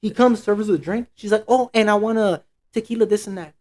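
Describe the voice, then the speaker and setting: A man's voice: high voice, a little fast, darkish tone. A man co-hosting a podcast, telling a story in casual, profane slang and acting out what everyone said. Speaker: podcast co-host.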